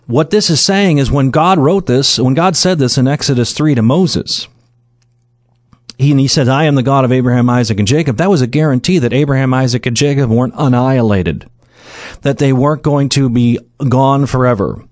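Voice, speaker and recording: A middle-aged man preaching verse by verse in an earnest, conversational tone, often pausing on "uh" and restarting his sentences. His voice sits at an ordinary male pitch. The sound is close and dry, with no room echo. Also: darkish tone. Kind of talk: sermon, verse-by-verse Bible exposition.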